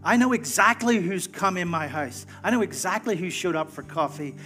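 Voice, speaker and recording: A man's voice: high voice, animated, normal speed, bright, forceful tone, faint music behind. A man pastor closing a sermon and praying in a casual, conversational way, often stumbling and restarting words.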